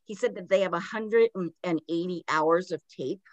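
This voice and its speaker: A woman's voice: lowish voice, normal speed, no room sound. A woman hosting a podcast with a sore throat, telling a spooky story casually and animatedly with lots of "like". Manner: animated retelling with fillers like "like".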